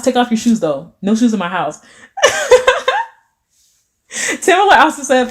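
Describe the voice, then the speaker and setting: A woman's voice: fairly high pitch, sing-song, moderate pace, long pauses. A young adult woman hosting a casual livestream, reading viewer comments aloud and reacting playfully, with lots of filler words and sudden squeals. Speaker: livestream host reading chat.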